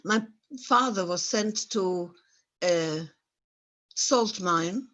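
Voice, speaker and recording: A woman's voice: on the low side, extremely slow, a bit bright. A woman in her eighties from the former Yugoslavia tells her own wartime story. She searches for words in non-native English and grows stirred up as she remembers. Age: 80s. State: stirred up by memories. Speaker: Holocaust survivor guest speaker. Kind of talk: personal testimony at an online talk.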